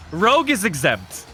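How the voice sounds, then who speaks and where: Excitable guy streamer chatting w/ his viewers, high lively voice, cusses a lot, faint music behind. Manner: excitable, joking, swears freely. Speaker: streamer hosting a wrestling show. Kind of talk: casual live-stream chat with viewers.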